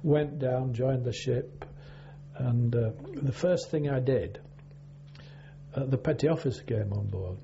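Gravelly older man, halting. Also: medium pitch. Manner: rambling, halting, with many fillers. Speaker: interviewee, former navy sailor. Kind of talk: oral history interview. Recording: dull lo-fi recording with faint hum.

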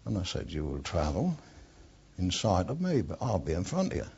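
An older Englishman with a low, dark, husky voice tells his old war stories bluntly, peppering them with swearing. He drifts off topic as he goes. The sound is dull and lo-fi, like an old archive tape. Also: wildly swooping pitch, moderate pace. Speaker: interviewee, war veteran. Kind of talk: oral history reminiscence.

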